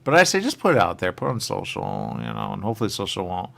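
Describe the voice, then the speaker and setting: A man hosts a casual radio talk show, voice pitched low. His delivery is lively and swings up and down a lot. He rambles, trails off and keeps returning to the same phrases. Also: quick pace, vocal fry. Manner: rambling, trails off, repeats "there you go".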